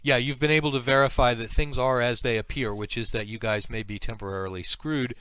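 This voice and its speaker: A man's voice: medium pitch, steady tone, a little fast, a bit bright, clean tone, no room sound. Hesitant man running a tabletop game. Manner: hesitant, many ums and repeated starts. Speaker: game master.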